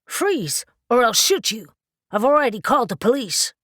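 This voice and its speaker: A woman voicing a gruff, blunt, sarcastic male dealer in magical objects who swears freely. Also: sits low, measured pace, no room sound, clean studio sound. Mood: alarmed.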